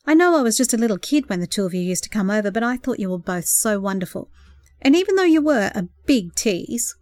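A woman reading a novel aloud in a gentle, expressive storytelling voice, softly acting out the dialogue. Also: medium pitch, brisk, no room sound. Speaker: audiobook narrator. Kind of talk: scripted narration.

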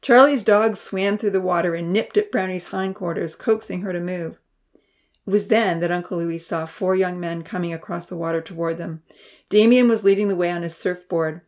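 A woman narrating a children's storybook, voicing the characters with a higher pitch and dropping to a whisper for quiet thoughts. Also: steady tone, moderate pace. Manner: reads characters' lines with raised pitch and soft whispers.

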